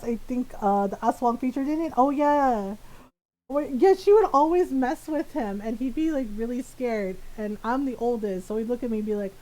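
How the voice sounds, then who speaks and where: Chatty woman streamer, higher voice. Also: a little mellow, rough recording. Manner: chatty, rambling, laughs often; many restarts and fillers. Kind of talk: casual chat while gaming.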